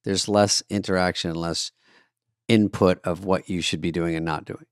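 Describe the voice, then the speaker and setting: A man's voice: low-pitched, fairly even intonation, normal speed, clean tone, no room sound, studio quality. A man co-hosting a podcast in casual chat, dropping wry, offhand remarks. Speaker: podcast co-host.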